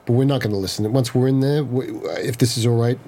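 A man's voice: mid-range voice, fairly even intonation, quick pace, mellow, slight background noise. A man playing a tabletop game, talking playfully and often restarting his sentences. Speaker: player. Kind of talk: tabletop game play, in character.

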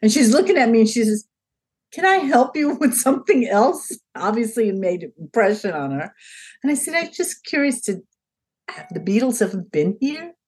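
An older woman, a guest in an interview, tells a story casually and acts out each person's lines in changing voices. Her voice is a little high and husky, at a moderate pace, and she's animated throughout.

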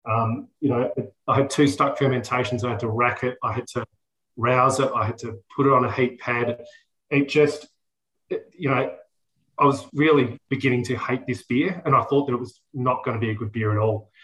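A man's voice: mid-range voice, fairly even intonation, normal speed, a bit bright, poor audio. A man with an Australian accent, a guest home brewer on a podcast, talking in a rambling, self-deprecating way with many fillers. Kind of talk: casual podcast chat.

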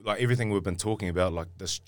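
A man's voice: low voice, racing. A young New Zealand man, a rugby player being interviewed, telling a story in a rambling way with many restarts. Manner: rambling, repeats and restarts words often.

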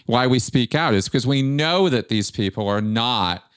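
A man hosting a podcast who speaks haltingly, with many hesitations. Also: medium pitch, lively intonation, clear, resonant tone, no room sound, clean studio sound. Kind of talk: podcast commentary.

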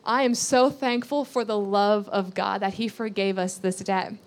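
A woman's voice: mid-range voice, fairly even intonation, moderate pace. A woman giving a sermon, reading scripture aloud and explaining it earnestly, repeating key phrases and asking rhetorical questions. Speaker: Bible teacher.

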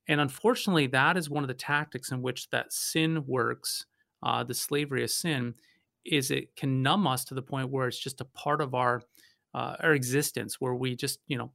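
A male pastor from North Dakota talks through a theological discussion, telling stories in an animated way with frequent restarts. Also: medium pitch, a little fast, creaky, dry recording, clean studio sound.

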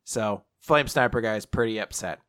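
A man's voice: lowish voice, moderate pace, fairly bright tone, clean tone, no room sound, studio quality. A man casually recapping a manga with a co-host, sarcastic and often laughing, sometimes acting out lines. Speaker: podcast co-host.

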